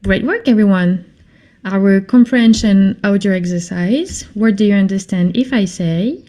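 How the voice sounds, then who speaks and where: A woman teaching a French lesson in English, speaking slowly and patiently and repeating phrases for her learners. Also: medium pitch, dark tone. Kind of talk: slow classroom lesson.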